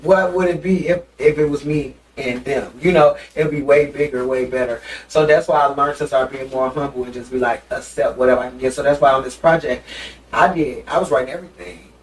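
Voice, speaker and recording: A man's voice: mid-range voice, fairly even intonation, a little fast. A man guesting on a casual interview show, talking in a flamboyant, playful way with frequent laughter and lots of y'all. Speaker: guest musician and reality TV personality. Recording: distant mic with faint background noise.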